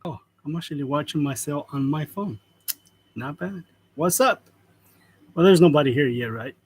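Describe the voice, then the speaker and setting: A husky, fairly high-pitched man in his forties runs a casual live stream from a print shop at a moderate pace, naming viewers as he greets them and chuckling often. He uses a wireless lavalier mic.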